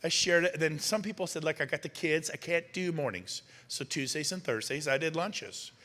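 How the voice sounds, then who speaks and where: A middle-aged man with a bright, forceful voice, pitched a little high for a man, speaking on stage in a big hall. He tells punchy stories and throws quick questions at the crowd, and his voice carries a long reverb off the room. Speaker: motivational speaker. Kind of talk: energetic stage talk to an audience. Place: large hall.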